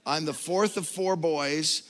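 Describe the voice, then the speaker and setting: Middle-aged male pastor, storytelling sermon that swings from hushed to emphatic, forceful tone, long church-hall echo. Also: fairly high pitch, slow pace.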